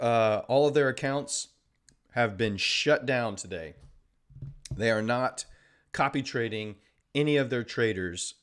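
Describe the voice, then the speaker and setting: The host of this trading livestream is a man whose voice sits on the low side with a fairly bright tone. He reads viewers' comments out and chats with them casually, joking and sarcastic.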